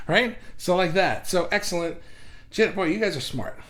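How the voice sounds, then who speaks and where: A middle-aged man with a slightly higher voice hosts a casual live stream at his computer. He talks in bursts of energy, stumbles and restarts, and reacts warmly to viewer comments. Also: normal speed. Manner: energetic, animated, repeats himself with restarts. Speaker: livestream host.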